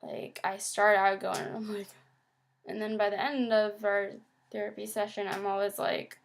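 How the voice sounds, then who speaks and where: A woman's voice: mid-range voice, little pitch movement, normal speed, vocal fry, a little hiss or hum. A woman vlogging in a casual confessional way, chatty and full of filler words, acting out her own past thoughts. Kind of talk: casual confessional talk to camera.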